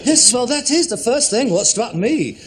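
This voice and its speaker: A man's voice: very high voice, very animated, moderate pace, a crowd in the background. An actor playing a pretentious, touchy working-class man who gets easily exasperated, on an old TV soundtrack. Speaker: amateur actor, grown son. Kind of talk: sitcom acting. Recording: noisy old TV audio.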